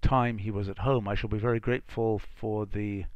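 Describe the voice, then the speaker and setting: A middle-aged man hosting a live stream, musing aloud as he reads old letters haltingly, with asides. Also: fairly low pitch, fairly even intonation, dry recording, muffled recording. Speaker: live-stream host reading archival letters. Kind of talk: casual think-aloud reading.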